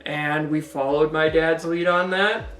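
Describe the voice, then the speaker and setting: A man and husband sharing a casual podcast-style testimony at home, telling the story in a relaxed way with many fillers. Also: fairly high pitch, a little slow, echoey room, distant mic, soft background music. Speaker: co-host, husband.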